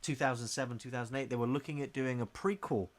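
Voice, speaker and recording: A man co-hosting a game review show, explaining background facts in a measured, informative way with some hesitations. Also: medium pitch, fairly even intonation. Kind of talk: casual review chat.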